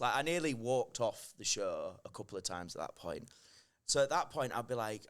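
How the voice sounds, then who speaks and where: A man, a podcast guest telling animated stories and acting out quotes. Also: medium pitch, fairly quick. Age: 30s. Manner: animated storytelling, acts out quoted lines. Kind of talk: casual chat.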